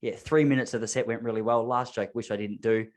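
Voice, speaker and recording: A man's voice: mid-range voice, steady tone, quick pace. A man hosting a podcast, chatting casually with rambling, self-mocking stories. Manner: rambling anecdotal storytelling with self-mocking humor. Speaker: podcast host. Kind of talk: casual chat.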